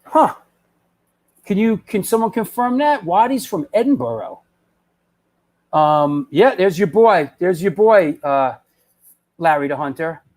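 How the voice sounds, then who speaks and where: A man hosting a live web show, rambling and excitable as he chats with viewers and restarts his sentences. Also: high-pitched, slow, long pauses. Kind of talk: casual live-stream chat, reading viewer comments.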